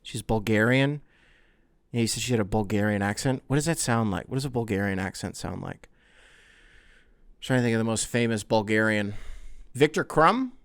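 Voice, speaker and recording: Joking, animated male podcast host. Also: fairly low pitch, normal speed, smooth, dry recording, studio quality. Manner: animated, joking, often laughing, swearing. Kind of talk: casual podcast chat reading listener emails.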